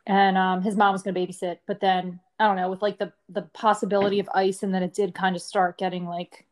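A woman's voice: mid-range voice, little pitch movement, fast. A woman co-hosting a podcast, telling a rambling story in casual chat, full of "like" fillers. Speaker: podcast co-host.

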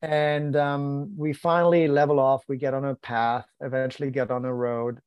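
A man's voice: mid-range voice, moderate pace, smooth, no room sound, dull audio. A man, a podcast guest, telling a story in casual chat, acting out quoted lines with self-deprecating humor. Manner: lively, acts out quoted dialogue, self-deprecating.

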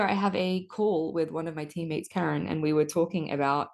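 A woman's voice: sits low, steady tone, a little fast, gravelly, darkish tone. A woman hosting a solo podcast, talking casually and animatedly about her spiritual life, swearing often. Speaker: podcast host.

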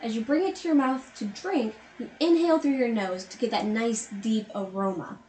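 A woman's voice: fairly high pitch, normal speed, a little mellow, a little hiss or hum. Pregnant woman giving travel tips. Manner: finishes partner's sentences, gives tips. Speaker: travel vlog co-host. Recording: roomy echo.

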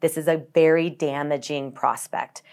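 A woman's voice: low-pitched, fairly even intonation, normal speed, creaky, a little mellow. A woman from Colorado, a health organization CEO, speaking earnestly as a podcast interview guest with occasional fillers.

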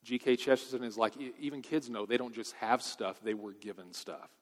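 A man's voice: medium pitch, brisk. A man, preaching a sermon with emphatic storytelling and casual asides. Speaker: pastor. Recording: long hall reverb.

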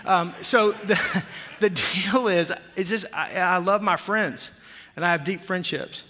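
A man in his forties from Oklahoma preaches in a church, telling jokey stories with animation. His voice is bright and sits fairly high. It rings with a long reverb through the hall. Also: unhurried. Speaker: pastor. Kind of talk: sermon. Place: church sanctuary.

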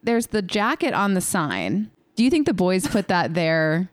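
A woman's voice: on the low side, sing-song, measured pace, no echo. A young woman co-hosting a podcast, chatting casually through a movie recap, saying "like" constantly and swearing freely. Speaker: podcast co-host.

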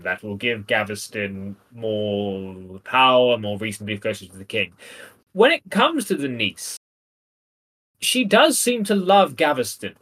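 A man's voice: medium pitch, fairly bright tone. A man co-hosting a podcast, casually discussing a Renaissance play with teasing humor and reading passages aloud. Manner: playful, teasing, reads verse aloud dramatically. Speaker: podcast co-host.

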